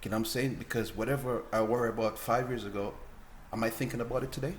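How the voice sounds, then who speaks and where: A man's voice: mid-range voice, steady tone, fast, slight background noise. A man with a Jamaican accent, a barber chatting casually as a podcast guest, laid-back and often repeating himself. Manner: laid-back, repeats himself, keeps saying "you know what I'm saying". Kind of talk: casual chat.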